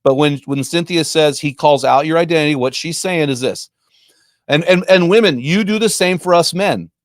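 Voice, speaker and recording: A man's voice: fairly high pitch, moderate pace, no room sound, studio quality. A man in his fifties, a Christian ministry founder, talking emphatically in a preacher-like way. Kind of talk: impassioned Christian talk.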